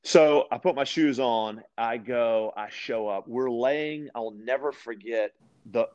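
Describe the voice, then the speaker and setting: A man from Louisiana, chatting casually as a guest and telling animated stories, often restarting his sentences and acting out quoted voices. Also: mid-range voice, slow, muffled recording. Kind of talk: casual storytelling chat.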